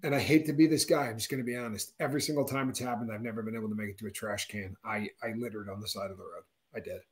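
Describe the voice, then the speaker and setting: A man in his fifties, co-hosting a casual chat and acting out quotes with big jumps in his voice. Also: racing. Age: 50s. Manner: animated storyteller, acts out quotes with big pitch jumps. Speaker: co-host.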